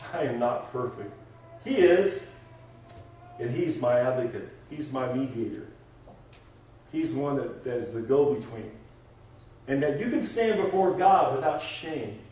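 A man's voice: mid-range voice, expressive, unhurried, pauses often, a little mellow, far from the mic, a little hiss or hum. A man preaching a sermon and leading a closing prayer as pastor, emphatic, repeating phrases and building to fervent exhortation. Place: church sanctuary. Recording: very echoey church hall, voice from afar.

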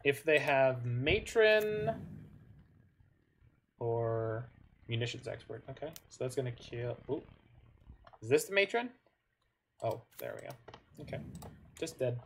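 A man talking through his own card game as he plays, in a middle-pitched voice that sits in an ordinary range. He thinks aloud, corrects himself mid-sentence and wanders into small asides, keeping it relaxed and conversational. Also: slow pace, long pauses, a little hiss or hum. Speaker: gamer commenting on his own online card game matches. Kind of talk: casual gameplay commentary.

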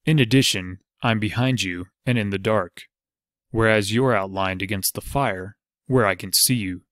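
A man voicing a calm archer who threatens in a cool, even way. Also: lowish voice, normal speed, no room sound, studio quality, lightly acted. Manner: calm and coolly menacing.

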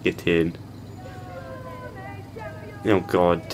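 A man's voice: low-pitched, flat delivery, drawn-out words, music in the background. A young man giving casual gameplay commentary and heckling the game characters. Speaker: gaming channel host.

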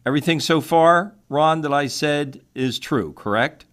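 A man's voice: fairly high pitch, a little slow, a bit bright. A man hosting an interview, asking questions in a friendly way and laughing easily. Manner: friendly, laughs often, short prompts. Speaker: interview host. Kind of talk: casual interview.

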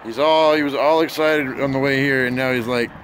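A man vlogging on a phone camera, chatting casually and cooing at his dog in a higher, softer voice. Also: fairly even intonation, brisk, a little hiss or hum.

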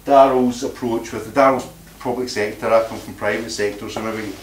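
A man's voice: lowish voice, steady tone, normal speed. A man giving a blunt, combative informal talk to a live audience at a meeting, often repeating words as he searches for them. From Scotland. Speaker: meeting speaker. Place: meeting room. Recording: echoey room from far off, faint noise.

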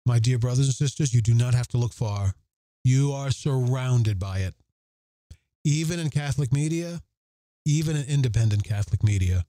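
An earnest man hosting a podcast, his voice mellow and warm. He leans on repeated phrases for emphasis and moves between reading passages aloud and talking them through, recorded dry and close. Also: medium pitch, normal speed, no room sound. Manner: reads scripture aloud and comments on it. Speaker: podcast host. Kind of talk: reflective Catholic podcast commentary.

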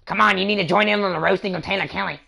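A man's voice: high-pitched, fairly even intonation, rapid-fire, creaky, sharp tone, exaggerated voice. A man mimicking a crude, bragging young guy. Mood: mocking boastful. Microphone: headset on online game voice chat.

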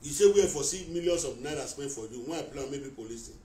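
A man's voice: mid-range voice, quick pace, mellow. Angry Nigerian man ranting in an echoey room. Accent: Nigerian Pidgin English. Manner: accusatory, repetitive, talking straight at someone. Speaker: vlogger addressing a rival on a live video. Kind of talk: heated live-stream rant. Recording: echoey room, mic at a distance.

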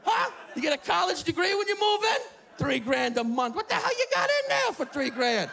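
Guy putting on a ranting old new yorker, shouting high and wild, gravelly. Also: sing-song, unhurried, full character voice. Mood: outraged. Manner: outraged yelling into the street. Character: cranky old retired male New Yorker. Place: apartment, live audience.

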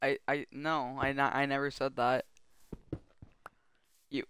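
A man's voice: mid-range voice, little pitch movement, takes it slowly, fairly bright tone, a little hiss or hum. A man streaming a survival game, chatting and joking goofily with friends and chat. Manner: goofy, joking, bantering with chat. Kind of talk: casual gaming chat.

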